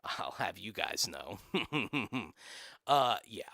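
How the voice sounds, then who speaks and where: A man's voice: medium pitch, sing-song, normal speed, fairly bright tone, no room sound, clean studio sound. A young man streaming live, ranting casually with sarcasm and swearing, laughing often.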